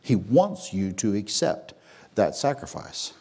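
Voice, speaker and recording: Man preaching with sweeping, lively pitch. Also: slow pace, breathy edge. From Texas. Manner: preaching with big swings, dropping to a hush then rising to a near shout. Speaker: pastor. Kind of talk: sermon. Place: church sanctuary.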